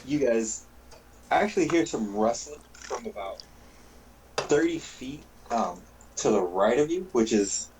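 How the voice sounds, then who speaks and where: A man running a tabletop game, talking loosely and haltingly, backing up and restarting as he goes. His voice sits at an ordinary pitch. A faint hiss runs under the recording. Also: rough recording. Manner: casual, halting, many fillers and restarts. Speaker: game master.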